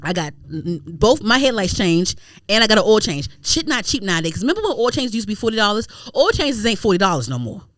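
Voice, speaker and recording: A woman co-hosting a podcast in casual chat, telling an animated story that turns to indignant shouting, with plenty of swearing. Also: medium pitch, quick pace, no room sound, clean studio sound. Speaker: podcast co-host.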